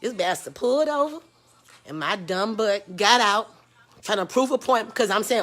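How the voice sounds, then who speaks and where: A Texas woman, candidly telling a personal story, frank and profane, swinging from loud outbursts to hushed lows. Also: expressive, moderate pace. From Houston, Texas. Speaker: host.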